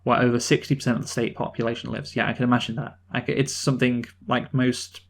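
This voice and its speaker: A man's voice: mid-range voice, little pitch movement, slight background noise. Chatty man reviewing a film. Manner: rambling, many restarts, quick laughs. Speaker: podcast co-host. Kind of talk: casual film review chat.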